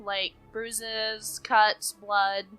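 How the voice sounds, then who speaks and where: A woman's voice: medium pitch, little pitch movement, drawn-out words, bright, forceful tone, smooth, faint music behind. A woman playing in a tabletop role-playing game, chatting casually with giggly asides. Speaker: player.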